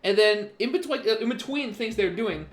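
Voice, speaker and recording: A young woman streams and chats with her friends in a loose, rambling way. She swears freely, laughs often and stumbles over restarts. Faint music plays behind her mid-pitched voice. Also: animated, normal speed. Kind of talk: casual chat with friends.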